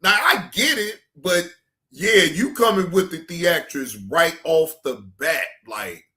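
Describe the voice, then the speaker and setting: High, bright-voiced man reacting loudly. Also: takes it slowly. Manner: animated, loud bursts of laughter and shouting. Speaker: reaction streamer. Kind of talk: casual reaction commentary.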